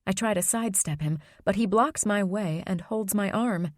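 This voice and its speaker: A woman reading a first-person audiobook in an even, measured narration. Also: medium pitch, no echo, studio quality.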